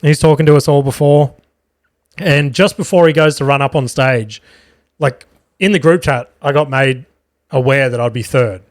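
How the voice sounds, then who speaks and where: A man's voice: medium pitch, moderate pace, no echo, clean studio sound. A young man hosting his own podcast, telling rambling, profane stories in a casual way. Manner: rambling and profane, with frequent fillers and laughter. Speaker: podcast host and stand-up comedian. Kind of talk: casual storytelling monologue.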